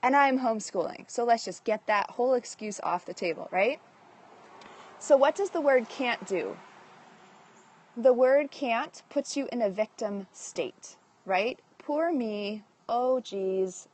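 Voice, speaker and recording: A woman's voice: on the high side, lively intonation, unhurried, husky. A woman hosting a casual live stream from home on her phone, upbeat and reading out viewer comments as she talks. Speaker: livestream host and direct-sales leader. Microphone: phone livestream.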